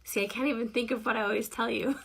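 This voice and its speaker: A woman in her thirties hosting a casual livestream, chatty and giggly, self-deprecating, sounding tired and low on energy. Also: steady tone, fast talker, creaky, breathy edge. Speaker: network marketing livestream host.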